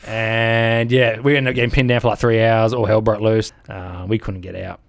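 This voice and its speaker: A man in his thirties with an Australian accent tells his war stories in an interview. His voice sits a little low and is recorded close and dry. He is animated, acting out gunfire and quotes along the way. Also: normal speed, gravelly, no echo. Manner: animated, acts out sounds and quotes, laughs through the telling. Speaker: army veteran guest. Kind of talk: interview storytelling.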